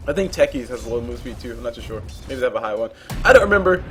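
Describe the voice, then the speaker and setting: A man's voice: medium pitch, animated, racing. A young man casually commentating a game replay, rambling into jokey asides along the way.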